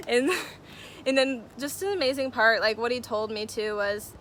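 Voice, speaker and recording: A young woman shares a personal story-time with her viewers, chatty and full of feeling. Her voice is bright and sits a little high. A faint hum runs behind her. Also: normal speed. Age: young adult. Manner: chatty, emotional, many fillers. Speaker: vlogger. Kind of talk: casual story-time vlog.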